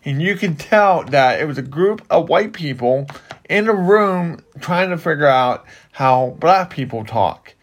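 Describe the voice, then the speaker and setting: A man's voice: on the high side, lively intonation, a little slow. A man who works in ministry, explaining a Bible passage in casual, rambling talk with frequent restarts. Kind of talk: casual Bible study chat.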